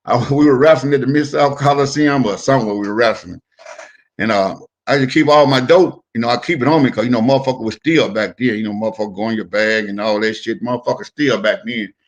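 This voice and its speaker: A middle-aged former wrestler telling stories in a casual interview, profane and animated, acting out the voices of the people in them. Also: male voice, mid-range voice, quick pace, dull audio. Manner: profane, animated storyteller who acts out quotes.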